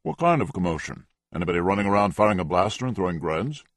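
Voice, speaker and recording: A man's voice: low-pitched, sing-song, quick pace, very noisy. A man narrating an audiobook, voicing a smug, languid male villain warlord with an arrogant drawl. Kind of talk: audiobook character voice.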